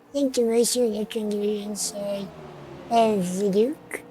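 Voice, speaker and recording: A woman commentating an online sim race, slow and halting, with fillers and restarts, and she has the hiccups. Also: mid-range voice, mellow, faint music behind, rough recording.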